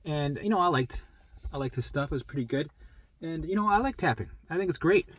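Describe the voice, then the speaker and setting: A man's voice: on the high side, lively intonation, a little fast, slightly rough. Rambling man explaining casually. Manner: rambling, repeats himself, acts out quotes.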